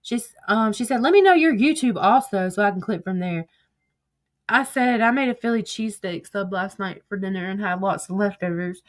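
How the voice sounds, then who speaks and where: A woman's voice: medium pitch, moderate pace. Chatty woman reading her messages aloud. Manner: chatty and profane, laughs often, digresses. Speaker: commentator. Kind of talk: casual commentary reading text messages aloud.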